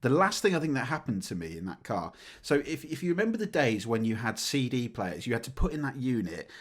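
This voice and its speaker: Animated man telling a story. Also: medium pitch, brisk. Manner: animated, laughs while telling, acts out shouting. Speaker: podcast co-host. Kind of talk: casual storytelling chat.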